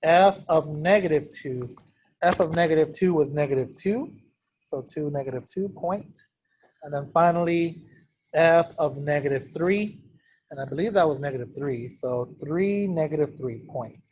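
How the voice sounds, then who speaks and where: A man's voice: a little high, moderate pace, darkish tone, slight background noise. A man teaching a math class in a casual, joking way, keeps quizzing his students. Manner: joking, self-deprecating. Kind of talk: classroom lecture. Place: classroom with students also on a video call.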